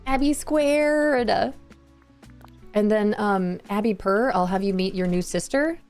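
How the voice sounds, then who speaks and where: A woman with a mid-range, slightly mellow voice streams a cozy game at a moderate pace. She's bubbly and giggly, laughing often as she chats casually with her viewers. Faint game music plays in the background.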